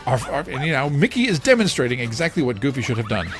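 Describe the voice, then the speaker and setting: A man hosts a family podcast, retelling a cartoon scene by scene with big swings in his voice. His pitch leaps around wildly as he acts out the characters, and faint music sits behind him. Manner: animated, laughs often, quick voice swings for quoted characters. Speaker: podcast host.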